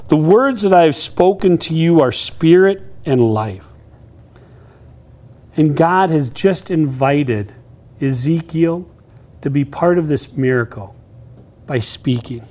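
Guy preaching, slightly high voice, lively, jokey bits where he acts out people. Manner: animated, acts out quotes with humor. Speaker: pastor. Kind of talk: sermon.

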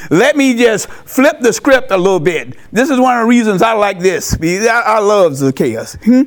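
Animated high-voiced male preacher. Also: normal speed, few pauses. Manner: animated, emphatic, repeats key phrases. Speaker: pastor. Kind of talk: sermon.

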